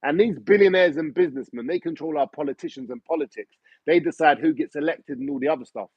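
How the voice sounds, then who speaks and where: A man's voice: fairly high pitch, quick pace, slightly rough, no room sound. A man ranting in an opinionated monologue, swearing and firing off rhetorical questions. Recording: dull lo-fi recording.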